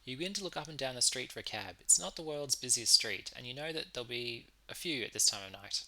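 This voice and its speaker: Playing through a narrative game, this male streamer reads the on-screen text aloud and pauses for chatty commentary. He talks fast with lively intonation in a mid-range voice that has a sharp tone. The audio is low quality.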